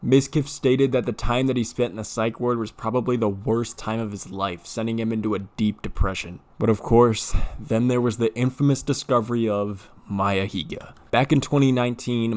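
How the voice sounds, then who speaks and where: A man with an ordinary mid-pitched voice narrates a scripted recap video. He delivers it in a steady, matter-of-fact way, moving from one point to the next.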